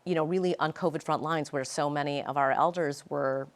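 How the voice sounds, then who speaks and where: A woman's voice: low voice, steady tone, fairly quick. A middle-aged woman author talking earnestly and animatedly in an interview, telling stories with feeling. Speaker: author guest. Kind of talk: casual interview chat.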